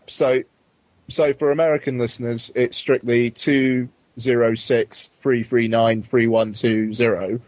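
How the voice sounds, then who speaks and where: A man appearing as a guest podcaster, talking in a relaxed, easygoing way. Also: medium pitch, measured pace, dry recording. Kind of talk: casual podcast chat.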